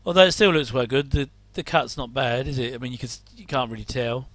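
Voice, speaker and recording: A man's voice: mid-range voice, fairly quick, fairly bright tone, no room sound. A middle-aged English man rambling casually through a reaction commentary, with chatty, self-deprecating asides. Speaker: host.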